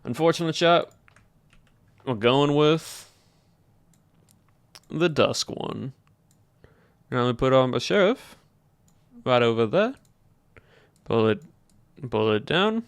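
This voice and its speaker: A man's voice: medium pitch, animated, slow pace, pauses often, smooth, dry recording. A man with a Southern US accent, chatting casually with his livestream viewers and thinking aloud as he polls them. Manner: chatty, thinking aloud while polling chat. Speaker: streamer.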